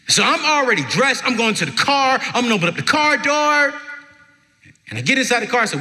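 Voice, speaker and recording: Lively man telling a story on stage. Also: very high-pitched, fairly quick. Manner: animated, jumps to shouting acted quotes. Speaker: speaker at a parenting event, former youth pastor. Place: event stage in a large hall. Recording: long hall reverb.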